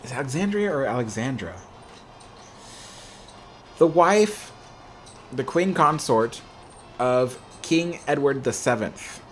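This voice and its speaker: A man's voice: mid-range voice, animated, slow, long pauses, slight background noise. A young man hosting a livestream, chatting casually in a rambling way with lots of "you know" fillers. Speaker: livestream host. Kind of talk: casual chat answering viewer questions.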